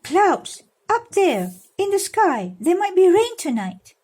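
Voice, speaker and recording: Woman doing a high-voiced rock keeper man. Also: very animated, slow, darkish tone, heavily acted. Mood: calling out. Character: man who looks after the rock, weather-wise.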